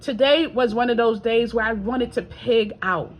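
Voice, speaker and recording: A woman's voice: fairly high pitch, moderate pace, lo-fi sound, slight background noise. Chatty woman sharing a faith story. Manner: chatty and repetitive, with laughs and asides; swings between hushed prayer and raised exclamation. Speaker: faith vlogger. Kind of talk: casual testimony vlog.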